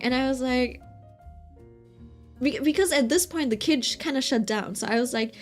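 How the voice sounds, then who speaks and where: A woman's voice: a little high, fairly quick, faint music behind. Chatty woman telling a story. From Britain. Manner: chatty, animated, keeps checking in with listeners. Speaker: streamer. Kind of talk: casual storytelling chat.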